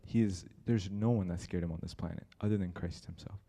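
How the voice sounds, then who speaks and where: Speaking fairly quickly in a deep voice, a young church speaker tells a story and brings its characters to life by acting out their lines.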